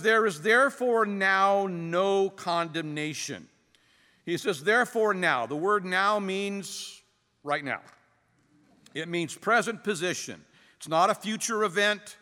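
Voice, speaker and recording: A man preaching a sermon as pastor, earnest and emphatic, with dramatic pauses. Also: a little high, sharp tone. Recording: long hall reverb.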